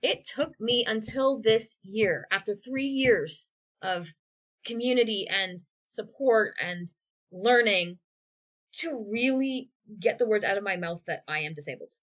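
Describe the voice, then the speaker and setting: A woman's voice: mid-range voice, measured pace, fairly bright tone, dull audio. A woman co-hosting a podcast, talking candidly and reflectively from home over a video call, with touches of wry sarcasm. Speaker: podcast co-host. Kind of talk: candid conversational podcast talk.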